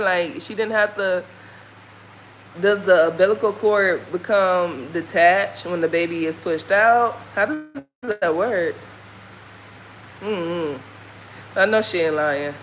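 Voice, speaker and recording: A woman's voice: fairly low pitch, slow, long pauses, slight background noise, rough recording. A woman from the American South with a Southern accent, talking candidly and folksily in a casual walking vlog. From Southern United States. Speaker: vlogger. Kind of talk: casual chat while walking. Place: outdoors on a walk.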